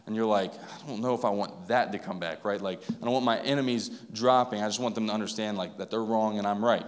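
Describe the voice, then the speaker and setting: A man's voice: fairly low pitch, fast talker. A man preaching a sermon to his congregation in a casual, conversational way, with asides to the people in the pews. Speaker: pastor. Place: church sanctuary. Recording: long reverb of a church hall.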